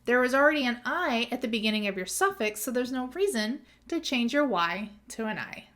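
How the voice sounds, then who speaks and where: A woman's voice: fairly high pitch, animated, fairly quick, a bit bright. A woman teaching as an exam tutor in a methodical lesson, spelling out words letter by letter. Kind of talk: scripted lesson.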